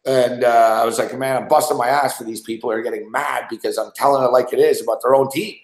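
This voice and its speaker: A man's voice: mid-range voice, fairly even intonation, fast talker. Profane rambling man, roomy echo. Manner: rambling, profane, laughs often. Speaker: podcast host. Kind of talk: casual profane storytelling.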